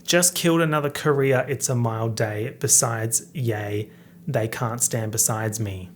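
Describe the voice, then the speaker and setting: A man's voice: medium pitch, a little slow, slight background noise, lightly acted. A man voicing a male rapper who raps in a full Australian accent, put on as a joke. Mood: mock rapping.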